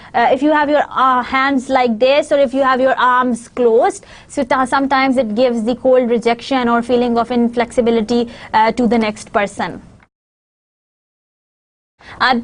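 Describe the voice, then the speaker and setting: High-voiced woman lecturing with many pauses. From Pakistan. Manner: hesitant, many fillers, explaining slides. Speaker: university lecturer. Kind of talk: recorded lecture.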